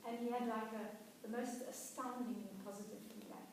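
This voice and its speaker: A woman's voice: on the high side, fairly even intonation, fairly quick. Woman coach telling stories in a workshop. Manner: conversational, storytelling with frequent restarts. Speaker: executive coach. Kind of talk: workshop talk. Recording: echoey room, voice far from mic, faint noise.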